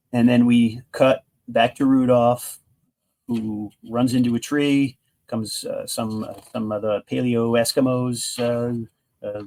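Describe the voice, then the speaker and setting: A man's voice: mid-range voice, a little mellow. A man casually reviewing a comic book, retelling the story with enthusiasm in a rambling way that is full of restarts.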